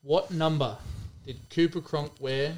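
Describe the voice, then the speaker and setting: A young man co-hosting a sports podcast, quick and chatty, with the odd swear word. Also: a little high, fairly even intonation, darkish tone. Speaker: podcast co-host. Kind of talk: casual sports chat.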